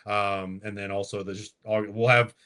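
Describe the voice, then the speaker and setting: A man's voice: on the low side, flat delivery, moderate pace, pushed and bright, clean tone. A man, a sports reporter chatting in an interview, rambling and restarting his sentences eagerly. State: has the hiccups. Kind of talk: casual interview chat.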